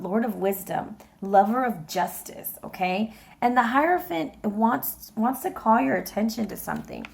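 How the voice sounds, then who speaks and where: A woman's voice: on the high side, creaky, a little mellow. Chatty woman reading tarot. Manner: chatty, addresses viewers directly, frequent fillers and laughs. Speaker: tarot reader. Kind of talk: casual tarot reading to viewers.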